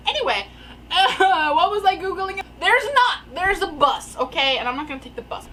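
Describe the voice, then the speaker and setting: A young woman telling a rambling, animated story in casual storytime style from her attic room. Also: extremely high pitch, normal speed, slight background noise, rough recording. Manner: rambling, animated, filler-heavy. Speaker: storyteller vlogger. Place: attic bedroom. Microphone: camera mic.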